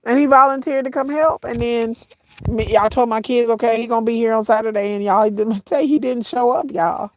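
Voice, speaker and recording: A tearful vlogger tells viewers a painful story in a voice that's on the high side with fairly even intonation, recorded without echo. She speaks haltingly, repeats herself, uses "y'all," and her voice breaks now and then.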